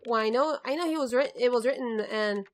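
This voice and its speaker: A woman's voice: on the high side, fairly quick. A young woman giving casual, wisecracking commentary while she plays a video game. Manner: chatty and wisecracking about the game. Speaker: let's play gamer. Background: faint game music.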